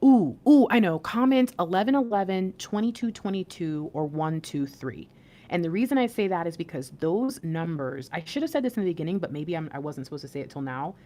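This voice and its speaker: This channel host gives intuitive spiritual readings in a low, dark-toned voice that is expressive and fairly quick. Her talk to viewers is casual and comforting, wandering a little with fillers and false starts.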